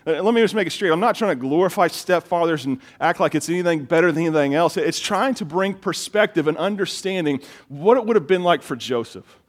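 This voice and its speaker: A middle-aged man preaching a sermon as pastor, telling stories in an animated way and often repeating words as he gets excited. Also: a little high, a little fast.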